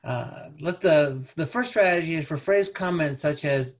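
Man giving a halting slide lecture. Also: fairly high pitch. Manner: conversational, halting, peppered with "you know". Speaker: parenting presenter.

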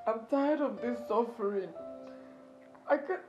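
A woman's voice: a little high, measured pace, echoey room, lo-fi sound, music in the background, natural voice. A woman playing a weary, despairing bedridden wife. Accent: Nigerian. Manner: weak, pleading, weary. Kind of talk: film drama acting.

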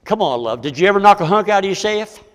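A man preaching a folksy sermon, swinging between loud and hushed. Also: high-pitched, expressive, quick pace, in a large hall.

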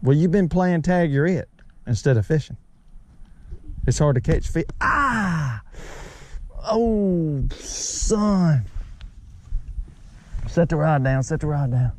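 A man, talking excitedly outdoors on a lake as he coaches and teases his sons while fishing, recorded on a chest-mounted camera. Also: a little high, takes it slowly, long pauses, no echo. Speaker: fishing vlogger and father. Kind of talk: casual outdoor fishing vlog. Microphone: chest-mounted action camera.

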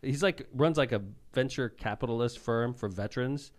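A man's voice: medium pitch, normal speed. A man co-hosting a casual podcast, joking around and reading ads in an upbeat announcer voice. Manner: jokey, reads ads in a hyped announcer voice. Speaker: podcast co-host. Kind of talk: casual chat and read ads.

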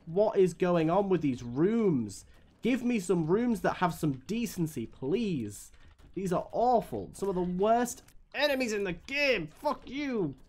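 A man giving live gameplay commentary as a streamer, swearing often and swinging between weary groans and excited yelps. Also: sits high, measured pace.

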